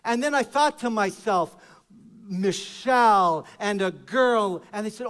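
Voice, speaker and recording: A male pastor preaching a sermon, swinging between shouted praise and hushed, joking storytelling. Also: high-pitched, slow pace.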